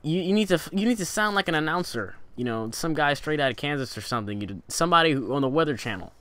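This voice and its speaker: A young man hosting a gaming channel, talking casually through tips, rambling with fillers and restarts, his pitch rising and falling for emphasis. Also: animated, quick pace, pushed and bright, no echo. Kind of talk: casual instructional vlog talk.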